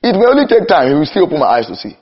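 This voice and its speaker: A young man preaching a sermon with passion, slowing down to cry out key phrases and then rushing through lists. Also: on the high side, huge pitch swings, breathy edge. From Nigeria. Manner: impassioned, swings between slow emphatic cries and rapid runs. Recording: dull lo-fi recording.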